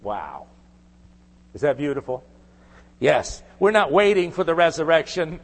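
High-voiced man preaching in a reverberant hall. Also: big pitch swings, measured pace. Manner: earnest preaching, rising to emphatic declarations. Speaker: pastor. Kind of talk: sermon.

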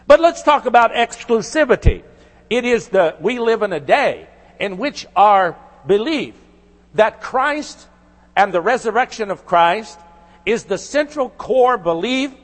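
High-voiced man preaching in a reverberant hall. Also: a bit bright. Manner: earnest preaching, rising to emphatic declarations. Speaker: pastor. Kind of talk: sermon.

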